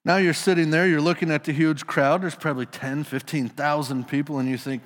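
A man's voice: on the high side, steady tone, fairly quick, hardly any pauses, in a large hall. A male pastor preaching a sermon in a casual storytelling manner, putting his listeners into the scene.

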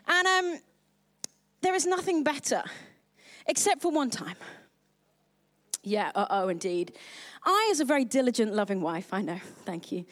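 A woman's voice: a little high, lively intonation, fairly quick. A young woman pastor giving a live sermon in a bubbly, chatty, self-mocking way.

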